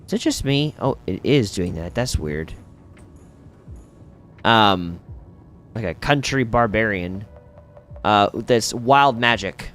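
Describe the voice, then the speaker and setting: A man streamer, unhurried chatty delivery full of ums, breaks into excited yelps during gameplay, faint music underneath. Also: lowish voice. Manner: rambling, lots of fillers, with sudden excited outbursts. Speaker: streamer and host. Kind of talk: casual chat while playing a video game.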